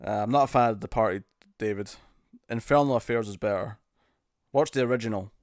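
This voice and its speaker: A man's voice: fairly low pitch, a little fast, no echo, studio quality. A man with a British accent hosting a casual live stream, answering chat questions in a loose, jokey way and often laughing. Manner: laughing, jokey, attempts bad celebrity impressions. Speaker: streamer host.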